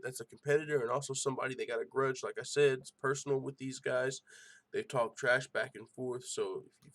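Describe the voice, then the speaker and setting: Fired-up, profane man hosting an MMA show. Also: medium pitch. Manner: animated, profane, excitable rants. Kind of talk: casual podcast commentary.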